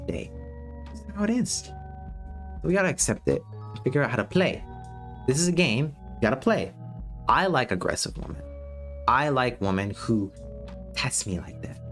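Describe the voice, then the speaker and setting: An American man talks straight at his viewers in a casual livestream, blunt and profane as he lectures. His pitch swings up and down a lot as he talks. A little music plays quietly behind him. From United States. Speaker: streamer giving dating advice.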